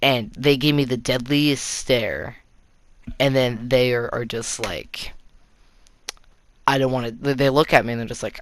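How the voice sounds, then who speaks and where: A man's voice: medium pitch, fairly quick, a bit bright, no room sound. A teenage boy telling a story from his own life in a rambling, casual way, with lots of swearing, fillers and restarts. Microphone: console facecam or headset mic.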